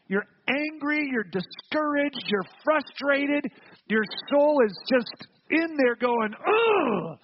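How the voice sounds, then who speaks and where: Pastor guy preaching, high voice, earnest and emphatic, kinda muffled recording. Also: slight background noise. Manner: earnest, emphatic preaching with repeated words and rhetorical questions. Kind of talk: sermon.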